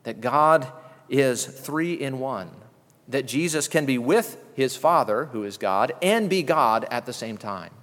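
A man's voice: mid-range voice, lively intonation, measured pace, fairly bright tone, long reverb tail. A male pastor preaching a sermon in an earnest, teaching manner, posing rhetorical questions and often restarting his words.

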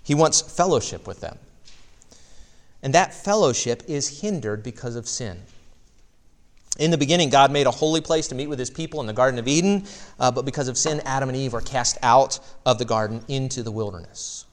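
A man preaching a sermon as pastor, lively and direct, with rhetorical questions and light asides to the congregation. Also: mid-range voice, brisk.

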